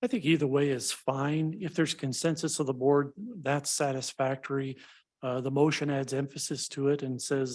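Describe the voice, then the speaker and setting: A man on town staff calmly explaining meeting procedure to a board. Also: medium pitch, moderate pace.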